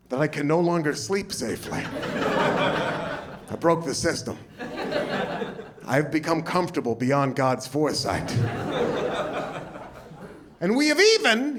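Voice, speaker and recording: On a comedy club stage, a man in his forties from Portland, Oregon, performs a live stand-up set, telling stories with silly put-on voices while the audience laughs. His voice is high-pitched and fairly bright, with a little hiss or hum in the recording.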